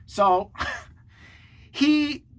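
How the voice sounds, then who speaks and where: A man hosting his own channel, telling a story to the camera in a sarcastic, profane, animated way. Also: very high-pitched, drawn-out words. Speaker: channel host.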